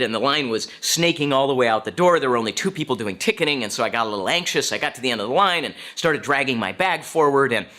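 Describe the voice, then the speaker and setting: Guy giving a talk, tells a story, bright sharp voice, lots of ups and downs. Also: medium pitch. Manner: animated, direct questions to listeners. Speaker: speaker.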